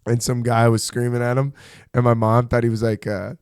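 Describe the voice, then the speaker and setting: A man's voice: mid-range voice, flat delivery, brisk, a little mellow, clean tone, no room sound, clean studio sound. A man hosting a podcast, telling stories in a casual chat, swearing often and laughing between lines. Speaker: podcast host.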